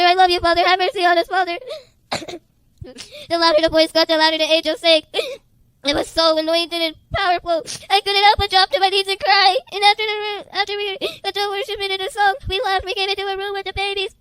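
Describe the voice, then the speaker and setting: A woman's voice: very high voice, a bit bright, no room sound, poor audio. A woman giving an emotional religious testimony, tearful and repetitive, often breaking into crying.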